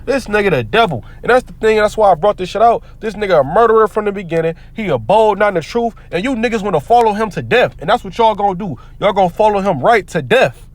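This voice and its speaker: A man's voice: sits high, lively intonation, fast talker. A man giving heated, profane, preacher-like commentary on the news, quoting scripture between rants. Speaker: commentary vlogger.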